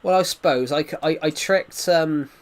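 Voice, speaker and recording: A man's voice: on the high side, normal speed. Rambling man telling a story. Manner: rambling storytelling, many restarts. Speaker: gaming streamer. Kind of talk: casual chat while gaming.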